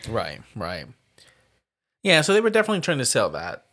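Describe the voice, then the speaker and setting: A man's voice: medium pitch, huge pitch swings, fairly quick, fairly bright tone. A man in casual podcast chat, talking through movie scenes with lots of energy and casual swearing. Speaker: podcast co-host. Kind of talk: casual chat reviewing a film.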